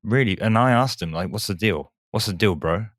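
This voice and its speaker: Man, very deep voice, slight lisp from braces, dry close mic, laid-back co-host. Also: brisk, a bit bright, no echo. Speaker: podcast co-host. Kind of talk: casual podcast banter.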